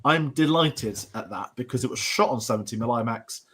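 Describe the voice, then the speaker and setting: A man's voice: medium pitch, lively intonation, brisk, fairly bright tone, breathy edge. Young british guy going on about a tv show, lots of restarts, medium voice. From Britain. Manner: rambling, many restarts and asides. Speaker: podcast host. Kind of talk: casual discussion of a TV show.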